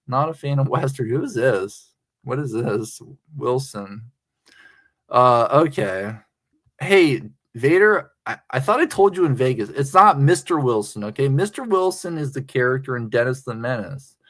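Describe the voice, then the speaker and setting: A man's voice: mid-range voice, expressive, moderate pace, a bit bright. A male live streamer giving rambling, profane, amused commentary.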